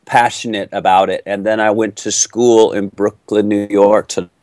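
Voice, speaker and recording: A middle-aged man from Texas, an actor answering interview questions in a playful, animated storytelling way. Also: on the low side, normal speed, dry recording.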